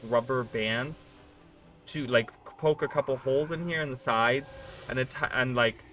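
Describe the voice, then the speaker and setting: A man streaming live, chatting casually with his viewers in a rambling, excitable way and swearing freely. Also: medium pitch.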